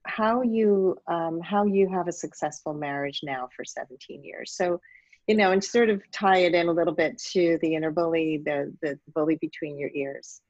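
A woman's voice: low-pitched, moderate pace, a little mellow, no echo. A middle-aged woman host and coach, chatting and laughing easily in a casual interview. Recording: dull lo-fi audio.

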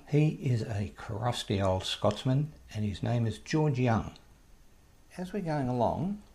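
A man with an Australian accent hosting a show, chatting to listeners and interviewing a guest. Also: lowish voice. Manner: chatty, relaxed, talks straight to listeners. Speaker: podcast host and interviewer. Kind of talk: casual introduction and interview.

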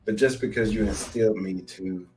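A man's voice: fairly low pitch, steady tone, moderate pace, a little mellow, faint music behind. A middle-aged man co-hosting a podcast, giving an earnest, emotional tribute spoken directly to his mother. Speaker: podcast co-host.

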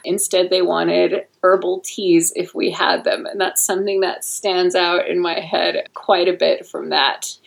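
A woman's voice: on the low side, level tone, a little slow, vocal fry, few pauses, low-quality recording. A woman guest in casual conversation, recalling memories in a reflective way.

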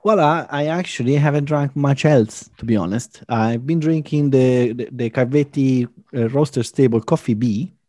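A man's voice: mid-range voice, normal speed, hardly any pauses, dark tone, no echo. A man co-hosts a casual chat in an easygoing way. He searches for words as he goes and drops in dry jokes. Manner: hesitant, easygoing, dry humor. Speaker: podcast co-host.

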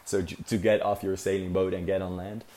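A man's voice: sits low, flat delivery, fairly quick, dark tone. A young man casually telling a story as a vlogger, rambling with lots of fillers and swearing. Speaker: vlogger recounting a sailing trip.

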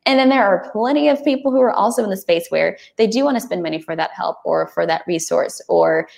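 A woman's voice: mid-range voice, gravelly. A woman guest on a podcast, chatting casually and animatedly, with frequent restarts. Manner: animated, talks fast with many restarts.

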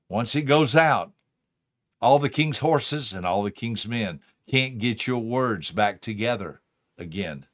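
A man's voice: fairly low pitch, moderate pace, fairly bright tone. A middle-aged man hosting, giving an earnest motivational talk full of stories and pleading emphasis. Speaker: speaker and host.

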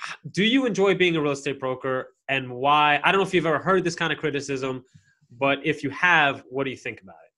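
Bright, upbeat podcast host man. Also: a little high, brisk. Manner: chatty, upbeat, filler-heavy. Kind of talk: casual podcast interview.

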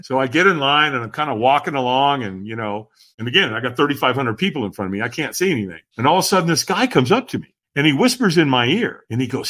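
Animated, bright-voiced man telling a story. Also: medium pitch, fast, hardly any pauses. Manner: lively, dramatic retelling with acted-out quotes. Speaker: podcast guest.

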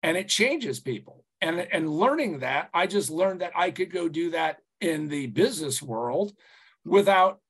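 A business consultant guest on a podcast, this man has a husky, slightly high voice and talks a little slowly. He tells stories in a rambling, animated way, with frequent "you know," restarts, and casual swearing.

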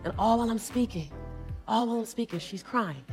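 A woman's voice: fairly high pitch, lively intonation, brisk, a little mellow, soft background music. Emphatic woman preacher-style motivational speaker. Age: middle-aged. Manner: emphatic, rhythmic, calls out for audience replies. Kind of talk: live motivational speech. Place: stage before a large live audience.

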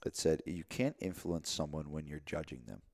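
A man in his thirties in casual chat, telling a story with many halting restarts. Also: rumbling low, darkish tone.

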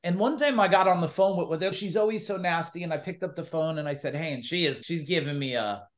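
A middle-aged man, a business coach, telling stories in a podcast interview with an animated, emphatic delivery and acted-out quotes. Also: on the high side, quick pace.

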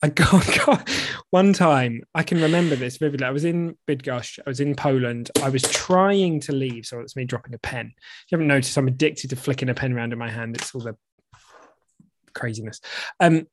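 A man's voice: mid-range voice, brisk, background noise. A man from the UK co-hosting a podcast, telling stories in casual chat with frequent laughs. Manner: chatty, laughing, animated storytelling. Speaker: podcast co-host.

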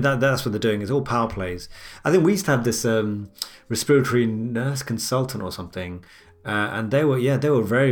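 A man co-hosting a casual podcast, telling stories quickly and acting out the people in them. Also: lowish voice. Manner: fast storytelling that acts out the people in it. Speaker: podcast co-host, doctor.

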